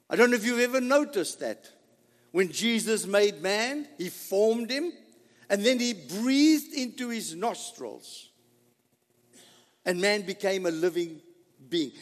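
Preacher guy, high voice swinging all over, slow drawn-out delivery, hall reverb. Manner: dramatic preaching with rhetorical questions and voiced dialogue. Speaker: pastor. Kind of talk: sermon.

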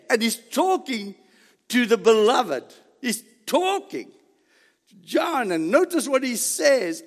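A man preaching a sermon, emphatic and repetitive, building to near shouts. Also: very high voice, very animated, normal speed. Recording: long hall reverb.

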